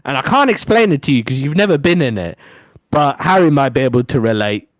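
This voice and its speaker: A young man originally from Africa, co-hosting a podcast and telling a long story in a casual, swearing, animated way. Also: mid-range voice, a little fast, no echo. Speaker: podcast co-host.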